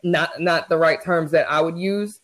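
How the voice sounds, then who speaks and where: A man's voice: on the high side, fairly even intonation, normal speed, fairly bright tone, poor audio. A man co-hosting a podcast, chatting candidly and often restarting his sentences. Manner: candid, repeats words when starting sentences. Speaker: podcast co-host. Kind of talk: casual chat.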